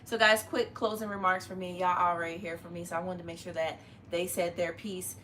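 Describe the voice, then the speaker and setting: A woman's voice: lowish voice, flat delivery, a little fast, a bit bright, slight background noise. A woman hosting a casual family livestream, chatting and greeting viewers by name. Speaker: live stream host. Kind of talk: casual live chat.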